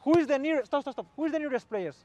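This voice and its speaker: High-voiced man coaching on a pitch. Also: animated, racing, dark tone, no room sound, muffled recording. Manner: short commands, calls out to players, mixes in Spanish. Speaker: football coach. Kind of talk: on-field coaching demonstration.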